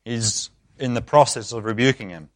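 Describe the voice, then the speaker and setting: A man preaching an expository sermon, switching into acted speech with sudden loud bursts. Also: medium pitch, moderate pace.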